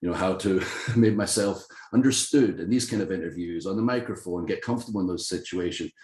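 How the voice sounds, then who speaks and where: A man with a Scottish accent, talking casually as an interview guest, telling animated self-deprecating stories and laughing often. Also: sits low, fairly quick, reverberant. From Scotland. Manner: animated, self-deprecating storyteller who laughs often and acts out quoted voices. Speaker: guest, professional wrestler.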